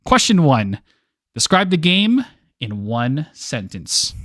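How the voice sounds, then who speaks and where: A man's voice: mid-range voice, very animated, takes it slowly, a bit bright, no echo, studio quality. A man hosting a casual online game discussion, joking and laughing often as he leads the questions. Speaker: podcast host.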